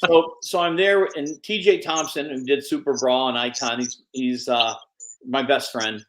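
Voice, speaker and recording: An older man, a guest on an interview podcast, telling animated stories and acting out the people he quotes. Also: medium pitch, normal speed, slight background noise, low-quality recording. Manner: animated anecdotes, acts out quoted voices. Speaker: guest, MMA promoter and manager. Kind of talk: storytelling interview.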